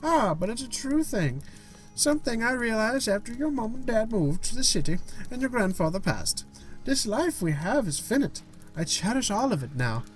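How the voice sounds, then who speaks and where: A man voicing a frail, loving elderly grandmother with an attempted Scottish accent, speaking slowly and tenderly in a high put-on voice. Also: big pitch swings, soft background music. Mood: gently wise. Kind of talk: voicing a character in a text game.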